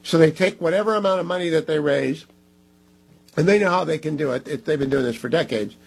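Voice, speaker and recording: A middle-aged radio talk host pitches sponsors live on the air. His voice is a touch high and husky. He talks emphatically and keeps repeating the numbers. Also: fairly quick.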